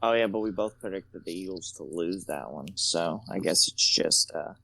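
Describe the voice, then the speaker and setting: A man's voice: low-pitched, moderate pace, vocal fry, pushed and bright, no echo. A man co-hosting a casual sports podcast, swearing freely and rambling through anecdotes. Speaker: podcast co-host.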